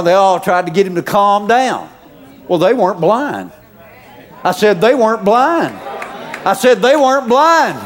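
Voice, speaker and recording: High-voiced preaching man. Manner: preachy, calls out to the congregation with rising shouts. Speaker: pastor. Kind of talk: sermon.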